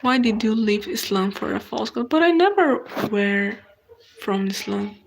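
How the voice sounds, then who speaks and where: Creaky-voiced Brazilian woman chatting live. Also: fairly high pitch. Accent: Brazilian Portuguese. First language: Portuguese. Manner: unhurried, halting non-native English with frequent restarts. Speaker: live stream host. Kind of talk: casual live chat, reading viewer comments aloud.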